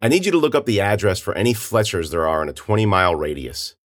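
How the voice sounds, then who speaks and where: A man's voice: fairly low pitch, sing-song, fast talker. A man playing a blunt male investigator who speaks tersely and matter-of-factly. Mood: calm.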